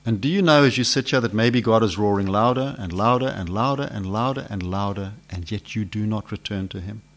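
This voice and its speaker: A man preaching a sermon who asks the congregation questions and swings between loud build-ups and hushed lines. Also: on the low side, a little fast.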